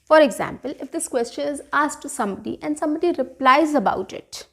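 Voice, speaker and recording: A woman's voice: high voice, animated, fairly quick, creaky. A woman, teaching a spoken lesson and explaining with lots of repetition and checking "right?". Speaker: English teacher.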